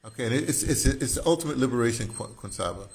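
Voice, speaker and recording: A man, a poet, explaining his own poem while thinking aloud, halting and correcting himself often. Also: medium pitch, lively intonation, a little mellow. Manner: musing, self-correcting.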